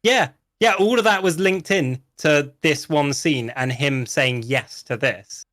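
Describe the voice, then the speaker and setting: A man's voice: a little high, a little slow, a bit bright, dry recording, studio quality. A man chatting casually about roleplay, rambling through a long story with many restarts and some swearing. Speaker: roleplay guest. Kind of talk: casual podcast chat.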